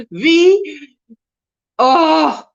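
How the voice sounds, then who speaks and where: A woman's voice: extremely high pitch, gravelly, fairly bright tone. A woman hosting a casual live-stream chat, greeting viewers and reading their comments aloud. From South Africa. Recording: dull lo-fi stream audio.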